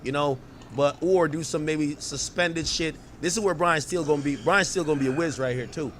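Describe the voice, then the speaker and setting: A man hosting a podcast, giving loud, profane reaction commentary that at times turns to shouting. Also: a little high, brisk, a little hiss or hum. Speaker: podcast host.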